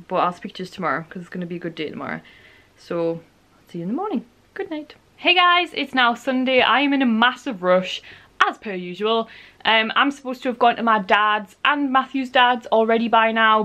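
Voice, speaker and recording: A woman's voice: medium pitch, fairly bright tone. A young woman talks straight into a handheld camera in a room at home. She sounds tired and rambles in a chatty, apologetic way. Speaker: vlogger. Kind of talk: casual vlog chat to camera.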